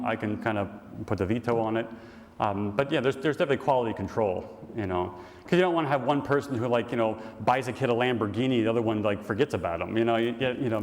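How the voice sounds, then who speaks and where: A middle-aged man, an Orthodox priest, giving a conference talk and answering questions, telling stories in a folksy way with fillers. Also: medium pitch. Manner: folksy storyteller, many fillers. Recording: reverberant hall.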